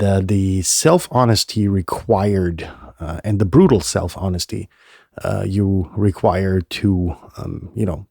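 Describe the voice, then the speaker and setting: Low gravelly guy hosting his podcast, rambly and blunt, dark mellow tone. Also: no room sound, studio quality. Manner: rambling, many filler sounds, blunt and profane. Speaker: podcast host. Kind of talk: casual solo podcast monologue.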